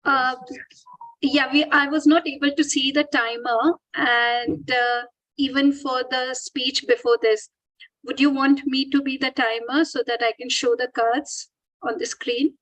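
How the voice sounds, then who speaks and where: A woman politely cutting in during an online club meeting, apologetic and halting. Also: sits high, fairly even intonation, fairly bright tone, poor audio. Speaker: club member. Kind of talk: casual meeting talk. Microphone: video call.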